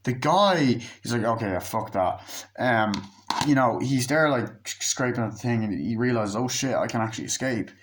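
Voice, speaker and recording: A man at a middle pitch recaps a film's plot as a casual movie reviewer. He rambles, swears often, and strings scenes together with "like" and "and then." His quoted lines break up the telling. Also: normal speed, a little hiss or hum. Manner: profane, rambling retelling full of "like" and acted quotes.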